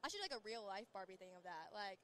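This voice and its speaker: A woman's voice: medium pitch, sing-song, very fast, bright, forceful tone, a little hiss or hum. A young woman from Missouri, a guest on a podcast recorded at a trade show, chatting casually with folksy slang and frequent laughter. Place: busy trade show floor.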